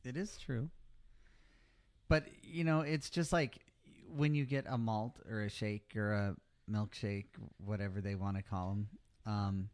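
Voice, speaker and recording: A man's voice: on the low side, steady tone, unhurried, darkish tone. A man hosting a radio show, chatting in an easygoing, dryly teasing way and taking callers. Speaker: radio host. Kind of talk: casual radio chat.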